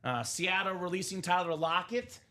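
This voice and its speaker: A man with a high, sharp voice hosts a live card break at a normal pace, chatting eagerly about football players and the hits they pull. His upbeat stream commentary is animated, chatty sports banter.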